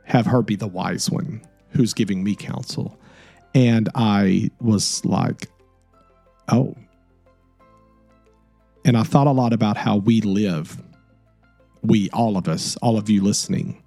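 A middle-aged man hosts his own show and shares a personal story in a soft-spoken, earnest, reflective way. His voice is dark and mellow with a gravelly edge. Quiet music plays faintly behind him. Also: lowish voice, unhurried, no echo. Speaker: podcast host.

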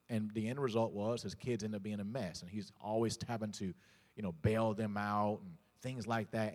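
A man's voice: on the low side, darkish tone, in a large hall. A male pastor preaching a sermon, telling stories, often repeating words and calling out to the congregation.

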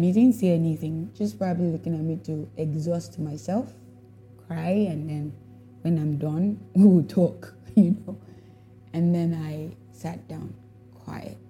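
A mellow, lowish-voiced woman recounts her experience as a worship leader in a personal testimony. She speaks reflectively and emotionally, often repeating herself.

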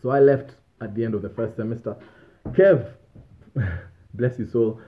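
A male vlogger with a mid-range voice tells casual stories about his student days at a measured pace, rambling and laughing, clearly amused with himself. The audio sounds tinny, like a phone.

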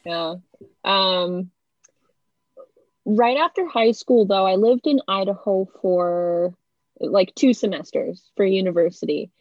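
A Canadian woman joins a podcast as a guest over a video call, chatting casually and giggling easily as she tells stories in an easygoing way. Her voice is mid-range and slow, and the call audio is dull, lo-fi, and dry.

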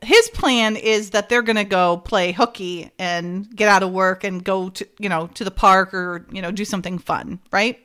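A woman's voice: medium pitch, steady tone, moderate pace, few pauses, fairly bright tone, smooth. A woman co-hosting a podcast, casually retelling a show's scenes with laughs and acted-out quotes. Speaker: podcast co-host recapping a show. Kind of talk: casual chat.

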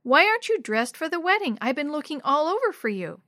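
Woman reading as a frazzled busy mom type, loud, flustered. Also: a little high, expressive, fairly quick, no room sound, studio quality.

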